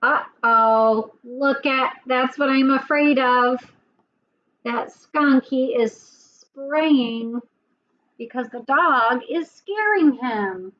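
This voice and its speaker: A woman teacher telling a story to young children, animated and asking them questions. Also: sits high, extremely slow, highs cut off.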